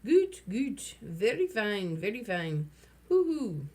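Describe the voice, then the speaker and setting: A woman voicing a mischievous boy who speaks in a mock-fancy accent and later a shrill girlish squeal. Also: sing-song, slow pace, a little mellow. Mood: mock-grand. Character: mischievous boy playing mad after eating worm.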